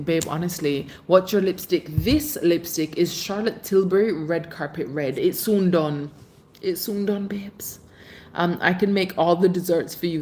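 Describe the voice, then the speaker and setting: A woman's voice: medium pitch, a little mellow. A woman hosting a casual livestream, chatting affectionately with her viewers as she reads their comments. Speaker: livestream host. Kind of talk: casual live chat reading comments.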